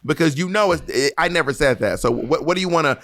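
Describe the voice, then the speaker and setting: A man's voice: fairly high pitch, expressive, fast talker, fairly bright tone. A man co-hosting a podcast in casual chat, teasing and needling his partner. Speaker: podcast co-host.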